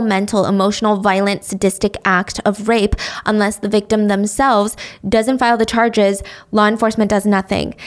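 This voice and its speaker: A woman casually telling a true-crime story to a friend, with indignant, sarcastic asides. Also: medium pitch.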